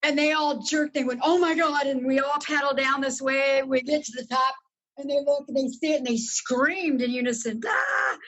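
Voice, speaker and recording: A woman guest telling a story in casual, animated talk, swearing freely and jumping up in pitch when excited. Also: normal speed, poor audio. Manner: animated, profane, swoops high when excited.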